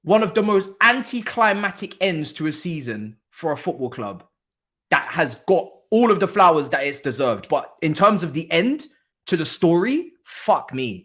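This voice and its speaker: A streamer hosts a live football watchalong, mocking a rival club's loss with laughter and plenty of slangy swearing. His voice is a little high and sing-song, moderately paced and fairly bright.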